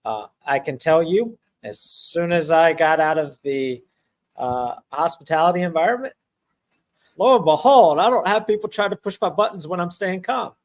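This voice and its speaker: A man's voice: on the high side, animated, normal speed. A man in a casual podcast conversation, talking animatedly with frequent restarts and repeated words.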